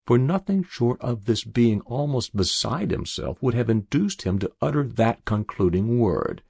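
Male audiobook narrator, low, gravelly, husky, dry close read, measured storytelling. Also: darkish tone, no echo. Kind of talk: scripted literary narration.

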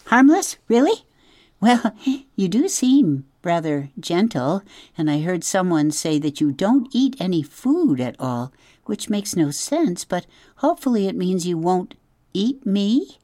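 A woman doing a nervous little female opossum, storybook, lifted higher, lively up and down, dry close sound. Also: unhurried, dry recording. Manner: gasping, fretful, higher voice than her narration. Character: nervous chatty female opossum, small and timid. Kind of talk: audiobook character voice.

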